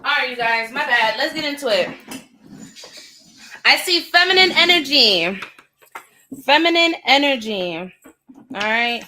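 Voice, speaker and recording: A woman's voice: sits high, expressive, measured pace, pauses often, bright, forceful tone. A middle-aged woman giving a chatty, exclamatory live tarot reading after a prayer. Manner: chatty, exclamatory, talks to spirit and viewers. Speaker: tarot reader.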